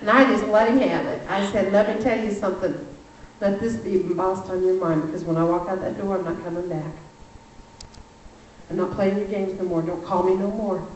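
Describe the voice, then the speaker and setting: A woman giving a lively, emphatic sermon testimony, telling a personal story in a church. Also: mid-range voice, brisk, slight background noise. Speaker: speaker. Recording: far-off echoey church hall, muffled.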